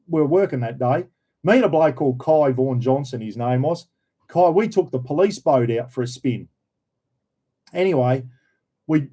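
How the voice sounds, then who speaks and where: An Australian man casually telling a story, acting out other people's shouted lines and laughing as he talks. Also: medium pitch. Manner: animated, acts out quoted shouts, laughs mid-sentence. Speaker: vlogger, former police officer.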